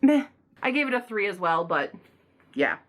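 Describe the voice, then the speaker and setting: A young woman giving quick, rambling book reviews in a casual vlog, excitable and gushing, with loud outbursts. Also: fairly low pitch, faint music behind.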